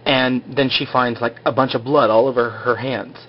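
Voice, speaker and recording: A man's voice: mid-range voice, steady tone, normal speed, slight background noise. A man casually recapping a TV episode in a rambling way, full of fillers, on a slightly dull lo-fi recording. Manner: rambling, full of "like" and "you know".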